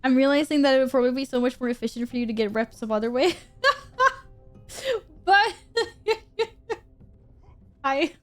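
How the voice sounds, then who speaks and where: Bubbly high-voiced woman streaming a game. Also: moderate pace, long pauses, faint music behind. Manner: bubbly, giggly, talks to chat. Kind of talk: casual live-stream chat.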